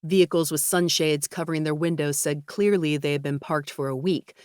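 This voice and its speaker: A woman narrating an audiobook in an even, measured reading. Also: low-pitched, clean tone, no room sound, studio quality. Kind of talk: scripted narration.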